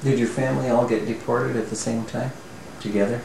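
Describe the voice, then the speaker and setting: A man interviewing an older person for an oral history, asking gentle, short prompting questions. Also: mid-range voice, fairly even intonation, brisk, creaky, music in the background. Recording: echoey distant mic with hiss.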